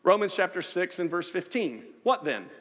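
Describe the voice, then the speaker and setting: Man, pastor, sermon, very high voice, echoing church sanctuary. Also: sing-song, moderate pace, a bit bright. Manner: earnest preaching with acted-out asides. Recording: long church hall reverb.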